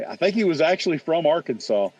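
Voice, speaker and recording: A Southern US man trades jokes with friends on a remote podcast. His voice is a touch higher than usual, and he stumbles and repeats words as he warms up to the punchline. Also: sing-song, quick pace. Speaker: podcast co-host. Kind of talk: casual remote chat.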